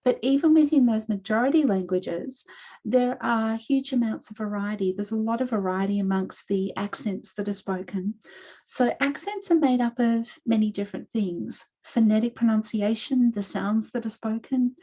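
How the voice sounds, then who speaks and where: A woman's voice: on the high side, mellow. A woman with an Australian accent giving an online conference presentation, explaining her research step by step over a video call. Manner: measured, explanatory, walking through slides. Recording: dull lo-fi video call audio.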